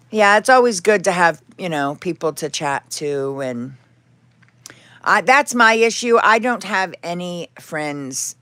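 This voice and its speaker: A woman's voice: deep voice, vocal fry, fairly bright tone, no room sound. A woman hosting a casual home livestream, talking candidly and rambling, with a cat meowing now and then. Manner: rambling, candid, talks to her cats and chat. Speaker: livestream host.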